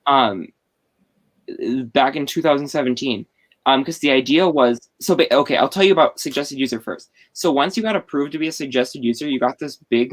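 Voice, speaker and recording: A man's voice: medium pitch, low-quality recording. Male host explaining, full of fillers. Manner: explains at length with many fillers. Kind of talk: casual live-stream chat. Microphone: video call.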